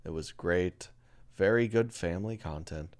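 A man's voice: sits low, unhurried. A young man co-hosting a casual podcast, joking and laughing often. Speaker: podcast co-host. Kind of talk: casual chat.

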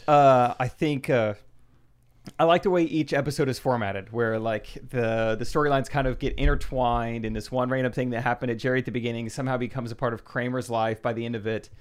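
A man's voice: mid-range voice, steady tone, brisk, clear, resonant tone. A young man co-hosting a casual podcast, easygoing and rambling as he explains. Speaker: podcast co-host. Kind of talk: casual chat.

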